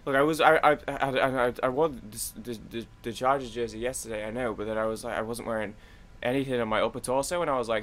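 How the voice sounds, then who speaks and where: A man's voice: medium pitch, steady tone, fast, a bit bright. A young man rambling and chatting with himself as he plays a video game and comments on it. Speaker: gaming channel host. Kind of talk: gameplay commentary.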